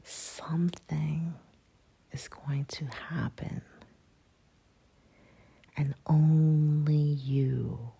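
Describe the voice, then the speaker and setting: Whispered role-play: woman doing a cryptic owl creature, low, slow, husky whisper. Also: fairly even intonation, mellow, exaggerated voice. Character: mysterious long-legged owl creature, cryptic.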